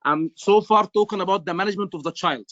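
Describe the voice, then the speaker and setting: This is a man, tutoring medical exam candidates in a live session. His voice sits notably high for a man, and he drills the class with repeated questions and emphatic points. The sound is dry and slightly muffled. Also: fast, a bit bright, no echo. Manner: repetitive, quizzing students, emphatic. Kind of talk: live online lecture.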